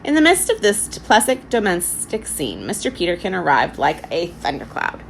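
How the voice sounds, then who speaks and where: A woman teacher reading a children's storybook aloud with expressive narration. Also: fairly low pitch, normal speed, creaky, a little hiss or hum, rough recording.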